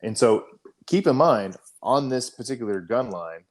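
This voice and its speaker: A man's voice: medium pitch, animated, normal speed. A man on a podcast telling an army story in a casual, profane way, full of fillers and restarts. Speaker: podcast co-host, army veteran.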